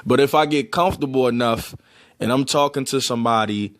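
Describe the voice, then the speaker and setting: A man's voice: medium pitch, fairly quick, a bit bright. A man from Baltimore with a Baltimore accent, rambling casually to the camera with lots of fillers. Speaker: vlogger.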